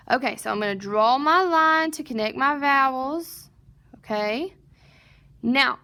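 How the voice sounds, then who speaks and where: In this recorded lesson, a woman teaches phonics to first graders, sounding out word parts with slow patience and answering the questions she raises. Her fairly high voice is gravelly, bright, and forceful.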